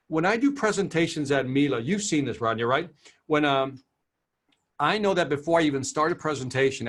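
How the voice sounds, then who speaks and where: A man working as a sales trainer, answering questions in a webinar over a video call and acting out quoted people as he tells stories. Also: fairly high pitch. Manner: animated storyteller, acts out quotes.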